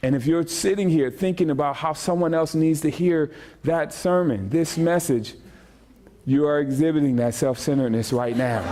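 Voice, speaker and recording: A male pastor delivers a casual, humorous sermon in a church. His voice sits high for a man, and he talks in quick bursts, repeating phrases and calling out to the congregation. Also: some chatter behind. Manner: animated, jokey, repeats phrases, speaks to the congregation. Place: church sanctuary.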